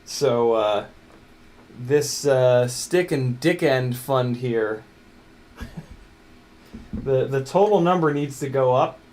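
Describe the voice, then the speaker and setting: A man with a mid-range, darkish voice streams a drone build from his workbench, stretching out his words and leaving long pauses. He chats casually, muttering to and coaxing the parts as he works, loose and joking throughout.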